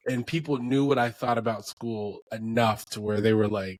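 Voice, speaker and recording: A man's voice: fairly low pitch, normal speed, few pauses, no room sound. A man in his thirties, an educator and homeschooling parent, telling stories in a loose podcast chat, full of fillers and laughter. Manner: animated storyteller, lots of fillers and laughs. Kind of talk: casual podcast conversation.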